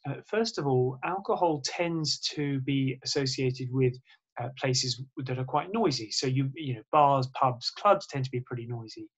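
A man's voice: medium pitch, normal speed, slightly rough. A man, a surgeon, giving a spoken lecture in an explanatory way, with frequent fillers and restarts.

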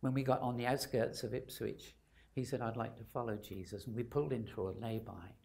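An older man with a gravelly edge to his voice tells his own testimony. He speaks in a mid-range tone, earnest and candid, often pausing to reflect. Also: mid-range voice, fairly even intonation, darkish tone. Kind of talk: personal testimony talk.

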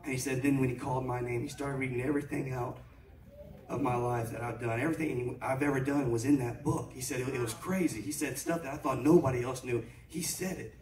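A man's voice: mid-range voice, steady tone, a little fast, crowd noise. Casting: male preacher, storytelling testimony, heard from a distance in a reverberant sanctuary with congregation sounds. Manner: storytelling, building to shouted preaching. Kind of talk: sermon testimony. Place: church sanctuary. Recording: echoey church from far off.

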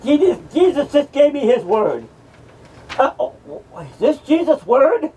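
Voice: high-pitched, big pitch swings, unhurried, warm tone, recorded from a distance, a little hiss or hum, low-quality recording. A performer voicing a mocking male madman from hell who hosts a horror rant, taunting and cursing at the listeners. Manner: ranting, taunting, cackling, profane.

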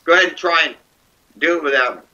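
A man's voice: fairly high pitch, quick pace, bright, forceful tone. A man in an angry, profane, scornful rant, heard from a distance on a muffled recording. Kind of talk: ranting monologue.

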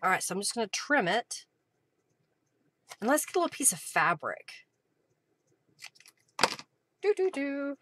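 A woman hosting a live craft stream, chatting casually, thanking viewers by name and often clearing her throat. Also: medium pitch, sing-song, a little fast, bright, forceful tone.

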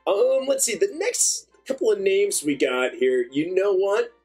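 A young man hosting a gaming channel, giving chatty, excitable let's-play commentary. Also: sits high, unhurried, husky, soft background music. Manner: excitable, chatty, bursts into cheers.

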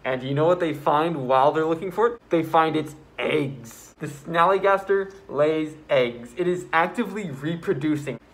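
Man, casual vlogger, slightly high voice; excitable, rambling storyteller with self-mocking asides. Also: normal speed, few pauses. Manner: building a card house while talking.

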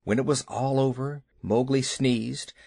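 A man reading a children's audiobook as narrator, unhurried and expressive. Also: mid-range voice, vocal fry, no room sound, studio quality. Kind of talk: scripted storybook narration.

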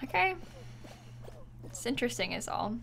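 A young adult woman streaming a game and chatting casually, excitable, often squealing and laughing. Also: on the high side, normal speed, vocal fry. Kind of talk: casual gaming chat.

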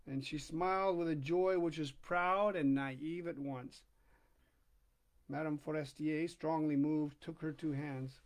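A man hosting a reading channel, reading a classic short story aloud slowly and deliberately, with dramatic pauses. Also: on the high side, steady tone. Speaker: host and story reader.

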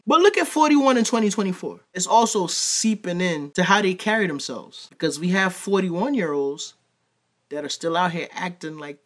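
A man's voice: sits high, animated, normal speed. A man with a New York accent giving blunt, roasting reaction commentary. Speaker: commentary host.

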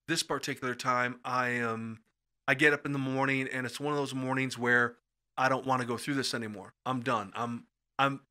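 Animated middle-aged storyteller, bright voice. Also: male voice, medium pitch. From USA. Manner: animated, acts out quoted voices. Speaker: podcast guest storyteller. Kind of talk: casual storytelling in conversation.

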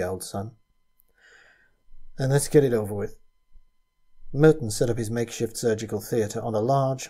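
A man narrates a story in a measured, steady way. His voice is very dark and mellow, with a husky grain to it. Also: on the low side. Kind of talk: scripted narration.

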